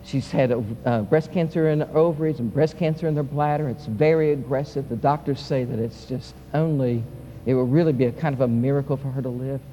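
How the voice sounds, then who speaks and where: A male pastor preaching a sermon, swinging from loud, impassioned peaks to quiet, soft passages. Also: mid-range voice, fairly even intonation, fairly quick. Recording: reverberant hall with faint hum.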